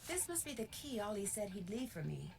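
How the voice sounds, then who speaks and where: An actress voicing a polite young female detective, calm and inquisitive. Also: mid-range voice, a little fast, vocal fry, noisy background. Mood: curious.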